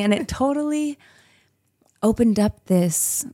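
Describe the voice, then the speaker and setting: Woman, 30s, guest; warm gravelly tone, chatty storyteller, dry close sound. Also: medium pitch, steady tone, moderate pace, dry recording. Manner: chatty storytelling with frequent laughs. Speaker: podcast guest. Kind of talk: casual interview chat.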